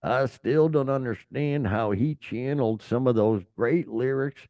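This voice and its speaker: A man voicing a blunt, bitter male musician in a put-on Southern drawl, raised above his own voice and read slowly and emphatically. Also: mid-range voice, darkish tone, dry recording, pitched above the performer's own voice, lightly acted. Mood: scornful.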